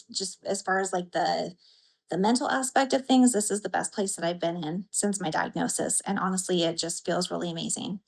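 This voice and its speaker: A woman's voice: medium pitch, low-quality recording. Earnest woman sharing her story. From Idaho, USA. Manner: earnest, heartfelt, pauses with soft fillers. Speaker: patient. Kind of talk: personal testimony in an interview.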